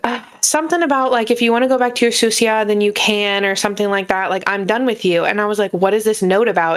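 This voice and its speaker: Frank young woman telling stories. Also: medium pitch. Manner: animated, frank, swears freely. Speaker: podcast co-host. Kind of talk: casual storytelling chat.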